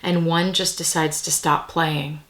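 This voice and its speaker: A woman giving a casual tarot reading to camera, musing and meandering, with soft whispered asides. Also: low-pitched, level tone, a little slow. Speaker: tarot reader.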